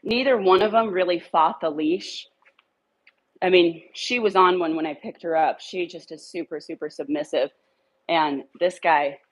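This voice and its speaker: Upbeat woman dog trainer, coaxing. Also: poor audio. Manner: upbeat, coaxing praise to dogs in a high sing-song. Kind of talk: casual training demo, talking to camera and dogs.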